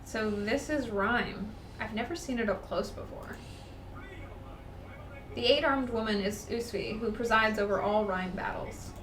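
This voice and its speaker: A woman co-hosting a let's-play, reading the game's narration aloud and breaking into excited chatter. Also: medium pitch, unhurried, distant mic. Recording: roomy echo, off-mic, faint noise.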